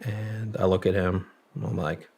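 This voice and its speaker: A man's voice: low voice, level tone, a little slow, vocal fry, a little mellow, breathy edge, soft background music. A young man, a military veteran and podcast guest, telling a story in a loose, profane way, full of "like" fillers. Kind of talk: casual storytelling.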